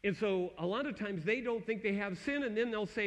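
A man giving an earnest personal testimony sermon, dropping to a hushed tone when he quotes his own thoughts. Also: sits high, brisk, rough recording.

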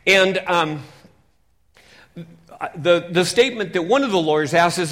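A male preacher telling a Bible story in a lively, interactive way, asking his listeners questions as he goes. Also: sits high, measured pace. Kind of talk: storytelling sermon.

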